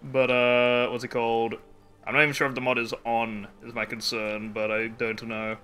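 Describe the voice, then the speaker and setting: A man's voice: mid-range voice, little pitch movement, moderate pace, pushed and bright, clear, resonant tone, faint music behind. A man streaming a game live, rambling casually, swearing freely and laughing often. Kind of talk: casual gameplay chat.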